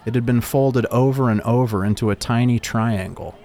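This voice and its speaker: A man narrating a first-person story in a calm, reflective way. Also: medium pitch, moderate pace.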